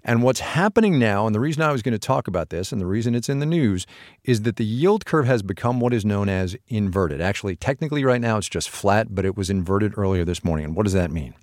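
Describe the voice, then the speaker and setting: Low, lively man explaining economics. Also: quick pace, dry recording, clean studio sound. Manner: patient, explanatory, asks and answers his own questions. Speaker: podcast co-host explaining economics. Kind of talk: casual explanatory chat.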